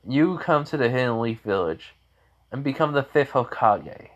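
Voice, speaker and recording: A man's voice: medium pitch, animated, moderate pace, close to an everyday voice. A man voicing a brash, cocky teenage boy ninja in a casual fan-story retelling, with a teasing manner. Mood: boastful.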